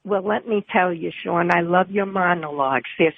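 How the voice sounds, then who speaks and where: A woman's voice: on the low side, moderate pace, gravelly, dry recording. A woman with a New York accent calling in to a radio show, chatty and effusive. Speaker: caller. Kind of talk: radio call-in. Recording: tinny phone line.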